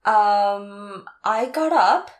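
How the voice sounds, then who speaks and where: A young woman telling a dating story in casual chat, animated and full of "like", acting out what people said. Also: mid-range voice, very slow. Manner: animated storytelling, acts out quoted lines with lots of "like".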